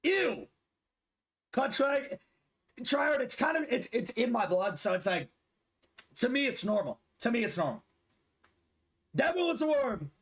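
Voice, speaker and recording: A man's voice: very high voice, sing-song, normal speed, pauses often. A man in his twenties chatting casually and profanely while streaming a basketball video game with teammates. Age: 20s. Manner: loose, profane, rambling banter. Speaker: gaming streamer. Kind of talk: casual live-stream chat during gameplay.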